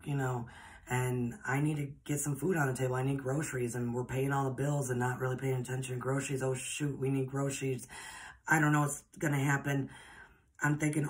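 A woman, a spiritual podcaster telling personal stories in a chatty, rambling, earnest way. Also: rumbling low. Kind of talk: personal storytelling.

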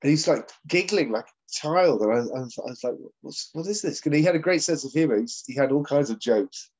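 A man's voice: mid-range voice, animated, brisk, a little mellow. A man, a session drummer as the guest, telling rambling anecdotes full of fillers and laughs over a video call. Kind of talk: casual interview chat. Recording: dull lo-fi sound.

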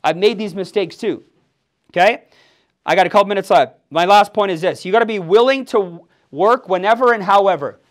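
A man in his forties with a rather high voice drives home a motivational sales training talk. He is fired up and punchy, firing "yes or yes?" back at his team. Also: a little fast. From Milwaukee, USA. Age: 40s.

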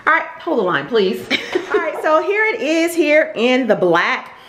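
In a casual haul vlog, a middle-aged woman who runs a shop describes clothes and thanks her customers, out of breath and full of ums and repetitions. She sits high in pitch, very animated, and speaks a little slowly. The nearby camera or phone catches reverb and background noise.

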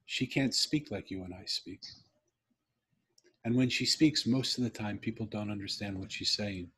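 A man's voice: fairly low pitch, normal speed, fairly bright tone, slightly rough. A middle-aged man, a podcast guest, telling a personal story in an earnest, heartfelt, emphatic way.

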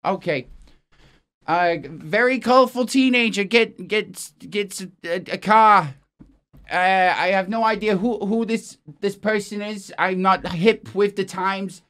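This comedy news anchor has a high, unhurried, slightly bright voice. In an improvised comic news parody he is foul-mouthed, flustered and exasperated, rambling and constantly cutting himself off.

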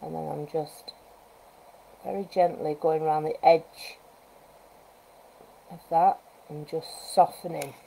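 Mellow-voiced woman teaching painting live. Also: deep voice, steady tone, slow pace, vocal fry, pauses often, slight background noise, rough recording. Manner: chatty, thinks aloud while working; gentle coaching asides. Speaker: wildlife artist teaching painting. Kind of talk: live painting demonstration, casual talk. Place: art studio at home, live stream.

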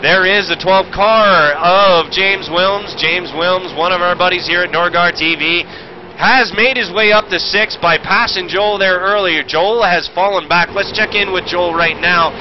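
A man's voice: high voice, steady tone, measured pace. Brash, profane racing commentator man. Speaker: sim racing commentator and streamer. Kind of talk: off-the-cuff race commentary. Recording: muffled stream audio with loud engine noise. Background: racing game engine noise.

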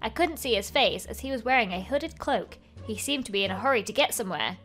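A woman's voice: a little high, lively intonation, fast, a bit bright, soft background music. Woman doing a sassy, gushing villager. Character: sassy, flamboyant friendly villager.

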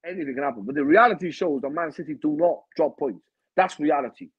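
A man's voice: on the high side, fast, husky, muffled recording. A man giving his football opinion insistently, repeating himself as he hedges his points. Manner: insistent, repetitive, hedging. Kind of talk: football fan opinion clip.

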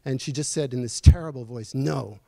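A man in his sixties giving a personal storytelling lecture in a university auditorium, earnest and reflective, pausing as he speaks. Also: mid-range voice, mellow, no room sound. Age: 60s. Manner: earnest, reflective, halting with pauses. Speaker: guest speaker at a lecture series.

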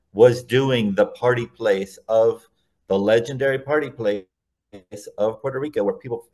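A man in a relaxed interview, recounting his story at length as a guest. His voice sits on the lower side, and he rambles, circling back and rephrasing as he goes. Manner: rambling, self-correcting anecdotes.

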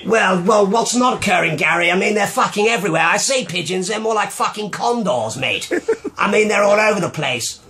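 A man's voice: high-pitched, expressive, a little fast, pushed and bright. A man putting on a stressed, sweary gent plagued by pigeons, ranting in improvised comedy over voice chat. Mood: exasperated rant.

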